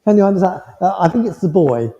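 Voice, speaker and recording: Gentle man, hall reverb. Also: high-pitched, animated, fast. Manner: gentle, reassuring, checks in with "yeah?" often. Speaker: medium. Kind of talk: mediumship demonstration to a congregation. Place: village hall. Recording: muffled hall sound with long reverb.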